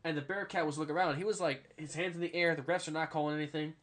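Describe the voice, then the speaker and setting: A man's voice: a little high, fairly even intonation, racing, a bit bright. A man hosting a casual sports podcast, rambling through stories, often adding "all right?" and swearing freely. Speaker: podcast host.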